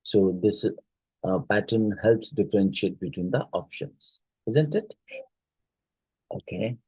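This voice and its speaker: A man's voice: fairly low pitch, expressive, takes it slowly, mellow, slightly rough, no room sound, low-quality recording. A man with an Indian English accent teaching an exam-prep lesson, reading out questions and explaining them with many hesitations and fillers.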